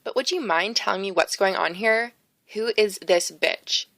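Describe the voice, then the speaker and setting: A woman's voice: medium pitch, normal speed, fairly bright tone, no room sound. A woman voicing a snooty, rude teenage girl ghost who sneers and drags out her insults in an audiobook. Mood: sneering.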